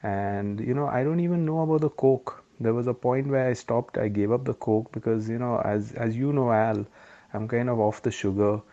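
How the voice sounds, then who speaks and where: A middle-aged man, co-hosting a casual podcast chat over drinks, reflective and given to digressions. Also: fairly low pitch. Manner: reflective, digressive, warmly chatty. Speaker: podcast co-host. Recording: slightly dull lo-fi audio.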